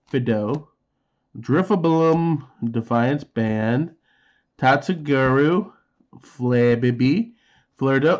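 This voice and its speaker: A man's voice: medium pitch, lo-fi sound. A man in his thirties casually chatting while opening trading card packs, reading card names aloud and making sound effects. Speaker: card unboxing host.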